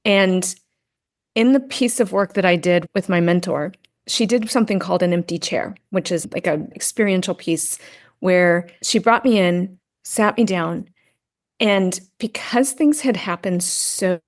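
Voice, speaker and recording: A middle-aged woman with a medium-pitched voice speaks a little slowly. She's a podcast guest who works as a grief and Gestalt practitioner, telling a story earnestly in a casual interview and frequently tagging on "right?"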